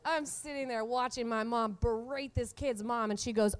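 A woman in her twenties telling a comic story from her own life, animated and often laughing through the punchlines. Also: on the high side, normal speed, smooth. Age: 20s. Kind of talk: live comedic storytelling.

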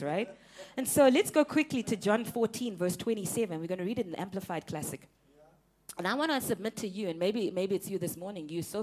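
A young woman preaching a sermon, animated and emphatic, laughing often and repeating words for effect. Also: mid-range voice.

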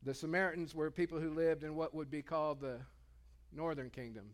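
A man's voice: a little high, fairly even intonation, brisk. A male pastor preaching a sermon in a conversational, joking way, retelling scripture in everyday terms.

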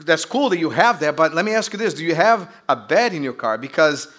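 Brief: a man doing a chirpy show-off in a tiny car, high and bright, Brazilian accent. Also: lively intonation, a little fast. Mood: cheeky. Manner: chirpy, teasing, bragging. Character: cheeky boastful man in a tiny cheap car.

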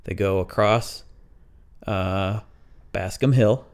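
A man's voice: fairly low pitch, slow pace, clean tone. A man co-hosting a podcast, improvising a bedtime story with hesitant, rambling asides and dry humor. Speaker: podcast co-host.

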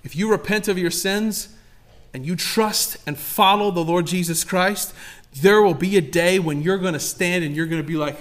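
A man's voice: sits high, moderate pace. A male pastor delivering a sermon with impassioned, emphatic preaching and repeated exhortations.

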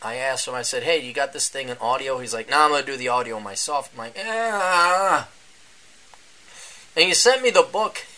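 Bright-voiced man hosting a rambling podcast. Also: animated, fast, hardly any pauses. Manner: rambling, sarcastic, mimics people in high mocking voices. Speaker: podcast host. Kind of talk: casual solo podcast monologue. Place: indoors during a power outage.

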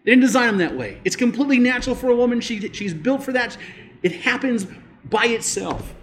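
A man preaching a sermon as pastor, emphatic, rising on key points and dropping low and slow to press them home. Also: lively intonation, slight background noise.

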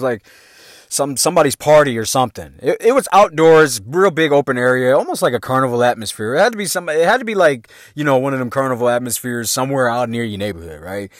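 Animated, high-voiced man telling stories. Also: dry recording, clean studio sound. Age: 40s. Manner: animated, swearing, laughs often, acts out quotes. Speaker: podcast host. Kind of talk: profane comic family storytelling.

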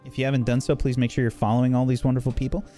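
A man hosting a tabletop role-play stream, doing shout-outs in a casual, halting way full of ums and uhs. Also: medium pitch, flat delivery, faint music behind. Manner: halting, filler-heavy delivery. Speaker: game master and show host.

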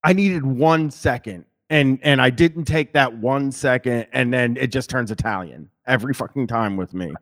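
A man's voice: mid-range voice, normal speed, few pauses, fairly bright tone. A man co-hosting a casual conversation in an ordinary mid-range voice. He talks loosely, starting sentences over and over. He swears casually and laughs often as he goes. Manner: rambling, frequent restarts and swearing, laughs easily. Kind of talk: casual chat.

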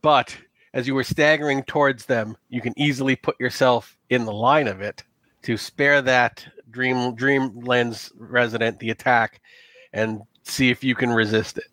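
A man running a tabletop game as game master, narrating in a loose, halting way with many restarts. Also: mid-range voice, steady tone, sharp tone, dry recording.

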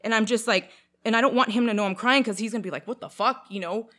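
Fast and fairly high-pitched, a young Canadian woman relates a long personal story in a casual conversation. She is animated, uses lots of fillers, and acts out what people said.

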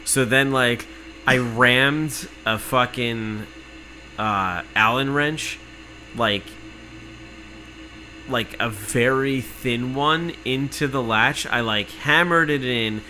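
A man telling an exasperated, profane story in casual podcast chat, cursing freely and working himself up to shouting. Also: mid-range voice, slow, slight background noise, low-quality recording.

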